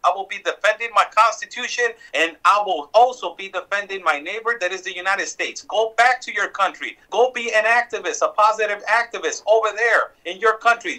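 A man from Mexico, calling in to a talk show, speaking forcefully and defiantly and repeating phrases for emphasis over a phone connection. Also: high voice, low-quality recording. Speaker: guest border reporter. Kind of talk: call-in interview. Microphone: phone or Skype call.

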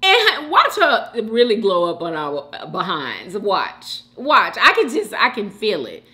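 Reading through live chat on her mukbang stream, this Houston, Texas host chats casually in a slow, lively, mid-range voice. Emotional and talkative, she addresses viewers as "sis" and "girl."

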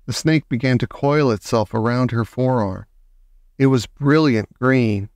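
A man narrates a children's novel in a measured, dramatic storytelling manner. His voice is smooth and resonant at a middle pitch. The recording is close and dry, with no room sound. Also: darkish tone, no room sound. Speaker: audiobook reader. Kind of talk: scripted narration.

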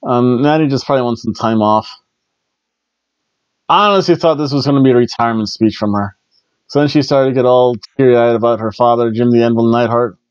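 A man's voice: mid-range voice, fairly quick, clean tone, no room sound. A man with a middle-range voice talks through a casual solo review in a chatty, rambling way, often stumbling and restarting mid-phrase. The recording is dull and lo-fi, with a dry, close sound. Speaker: wrestling show reviewer, host.

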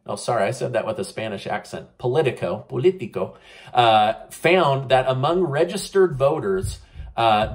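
A man runs through the day's headlines in a casual news-commentary style, stopping to give his own opinion. He fills his pauses with "uh" and often turns to his viewers to ask what they think. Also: mid-range voice. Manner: opinionated, frequent "uh" fillers, asks viewers for comments.

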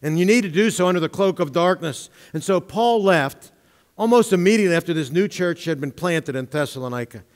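A man preaches from the pulpit, high in pitch and leaning hard on his stressed words. He mixes plain teaching with light humorous asides. The long echo of the church hall trails behind each phrase. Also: expressive, a little fast. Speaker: pastor. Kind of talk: sermon. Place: church sanctuary.

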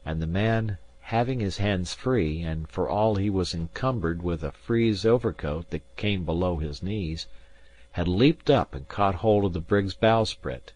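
Deep-voiced male audiobook narrator. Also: darkish tone. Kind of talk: scripted narration.

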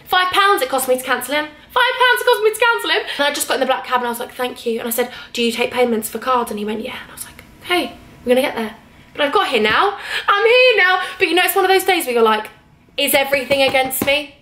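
A young woman telling a story in an animated, chatty vlog, acting out each side of the conversation from her hotel room. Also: high voice, echoey room. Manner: animated, acts out both sides of conversations. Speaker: vlogger.

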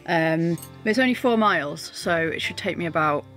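A woman's voice: on the low side, lively intonation, normal speed, a bit bright. Young woman vlogger, breezy chatty narration aboard a narrowboat, light laughs, music bed. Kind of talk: casual vlog narration. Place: narrowboat and canal towpath.

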